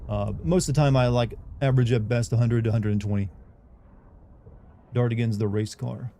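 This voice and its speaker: Mellow-voiced man rambling to his chat. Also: mid-range voice, steady tone, a little fast, a little hiss or hum. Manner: rambling, candid, talks straight to chat. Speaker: livestreamer. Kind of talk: casual livestream chat.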